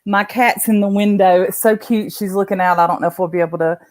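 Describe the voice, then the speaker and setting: A woman's voice: mid-range voice, steady tone, fast, no echo. A woman with a Southern Appalachian accent, chatting and laughing often on a video call from her bed at home. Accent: Southern American, Appalachian. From Southern United States. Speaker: guest. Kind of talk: casual chat on a video call.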